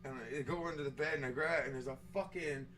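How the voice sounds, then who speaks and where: A man hosting a casual bar-style talk show, swearing freely and getting loud and animated when telling stories. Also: a little high, fast talker, far from the mic. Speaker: host.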